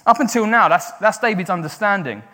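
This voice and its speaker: A man preaching a sermon to a congregation. He swings between loud, raised cries and quiet, conversational explaining. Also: sits high, brisk. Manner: builds to loud cries when quoting, then drops quiet and conversational. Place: church hall. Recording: long hall reverb.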